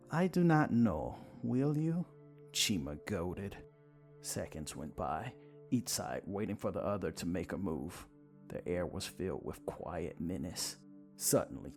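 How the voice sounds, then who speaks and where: A man narrating a vampire story in a dramatic, expressive manner. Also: sits low.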